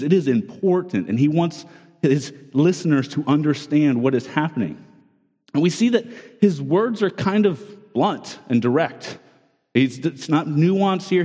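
A man's voice: fairly high pitch, a little mellow. A man, in his thirties or forties, preaching a sermon in an earnest, conversational way, often restarting and repeating words. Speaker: pastor. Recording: long hall reverb.

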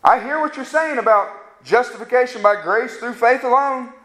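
A man's voice: extremely high pitch, normal speed, fairly bright tone. A man preaching a fervent sermon that rises to emphatic peaks. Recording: echoey room sound.

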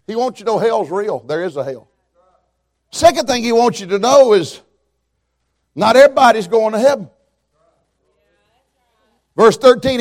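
A man preaching a fiery revival sermon, swinging from hushed, quiet passages to loud shouting. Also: high voice, lively intonation, moderate pace, pauses often. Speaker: preacher, evangelist.

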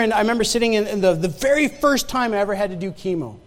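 A man with a notably high voice preaches a sermon, mixing scripture with his own testimony. He talks loosely, restarting and repeating phrases as he goes. His voice rings out with the long reverb of a large hall. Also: fast talker, hardly any pauses. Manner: conversational, stammering restarts, repeats phrases for emphasis.

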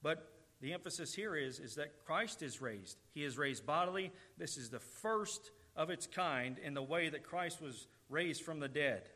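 A man's voice: a little high, expressive, measured pace, bright, forceful tone. A man preaching a sermon, earnest and emphatic, repeating key words for stress. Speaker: pastor.

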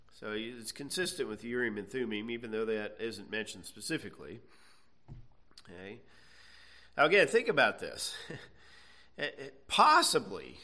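Bright-voiced male Bible teacher. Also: medium pitch. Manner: conversational, checks in with frequent "okay"; reads scripture aloud then explains.

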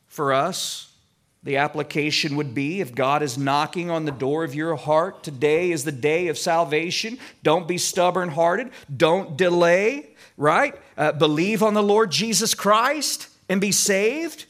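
A Midwestern man preaching an expository sermon, slowing to stress scripture and turning to chatty asides to the congregation. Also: on the high side, fairly bright tone. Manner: deliberate preaching, slows to stress scripture quotes. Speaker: pastor.

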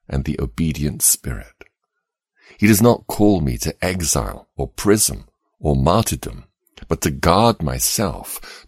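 Male devotional reader, very deep voice, unhurried and earnest, dry close recording. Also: breathy edge, dry recording. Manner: measured, earnest, emphatic. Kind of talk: slow solemn devotional reading.

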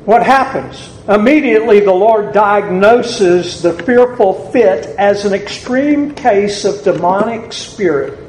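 A man with a Southern US accent preaching a sermon to a congregation in a church, deliberate and building to emphatic peaks. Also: sits high, darkish tone, slight background noise. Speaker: pastor. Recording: echoey church room with faint ambience.

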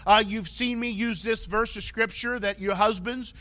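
High bright-voiced man preaching a sermon. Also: fairly even intonation, moderate pace. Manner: conversational preaching with repeated "okay?" checks. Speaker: pastor.

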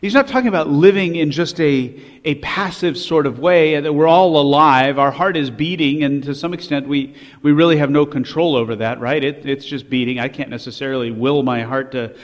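A man's voice: a little high, normal speed, hardly any pauses. A man preaching a sermon with emphasis, his voice rising on quoted scripture, with fillers and restarts between points. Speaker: pastor. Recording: long hall reverb.

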